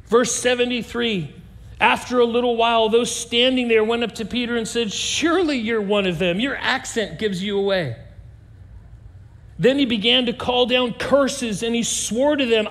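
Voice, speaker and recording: A male pastor preaching a sermon, telling a story with lively voices and sinking to a soft, low voice for emphasis. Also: moderate pace.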